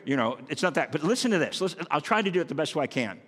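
A man preaching a sermon, his voice sitting a little high as he acts out scripture with animated, emphatic lifts. His words ring out through a long reverberant hall, like a church sanctuary. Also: very fast. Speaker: pastor.

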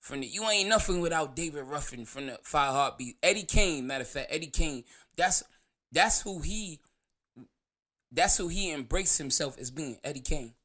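A man's voice: a little high, lively intonation, normal speed, pushed and bright. A man from New York hosting his own show, telling a rambling story in casual talk, laughing and swearing as he goes. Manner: rambling, laughs through the story, loose profanity. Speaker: show host.

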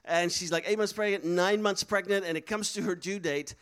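A man's voice: sits high, steady tone, brisk, a bit bright, clean tone. A man preaching a sermon, telling a story with laughs and acting out the voices of people he quotes. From Netherlands.

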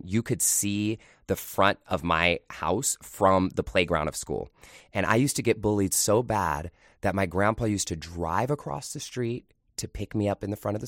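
A man's voice: low voice, no room sound, studio quality. A man hosting a podcast, telling a personal story in a candid, confiding, conversational way. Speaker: podcast host.

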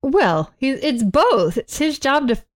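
A woman co-hosting a casual chat show from home, retelling scenes with lively put-on lines and frequent laughs. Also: sits high, measured pace. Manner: animated, acts out movie lines, laughs often. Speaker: podcast co-host.

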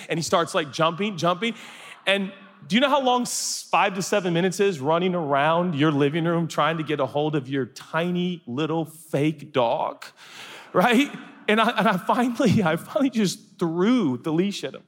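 Long hall reverb fills this recording of a pastor giving a sermon before a live audience in a large hall. His voice is high and his pace moderate, and he tells comic anecdotes with animation, acting out the voices.

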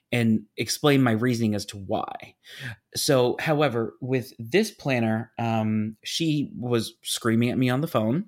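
A man in his thirties, animated and emphatic, casually telling a story on a podcast. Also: medium pitch, measured pace.

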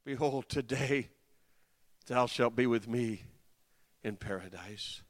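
A man voicing a calm, gentle Jesus in a sermon retelling, speaking low, soft and measured. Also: gravelly, big-room sound. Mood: tender.

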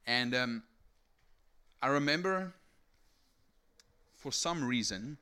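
Young man from South Africa, testimony sermon, bright forceful voice, keeps checking in with the crowd. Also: medium pitch, takes it slowly, clear, resonant tone. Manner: energetic storytelling with many rhetorical "right?" tags. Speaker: speaker giving testimony. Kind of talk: sermon testimony to a live audience.

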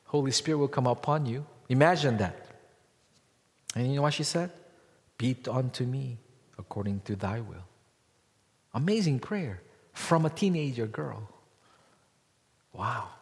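A male pastor preaches in a church, and his words ring out with a long hall reverb. He swings between loud, emphatic lines and quiet, low-voiced asides, and he keeps asking the congregation rhetorical questions. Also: lively intonation, a little slow, long pauses. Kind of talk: sermon.

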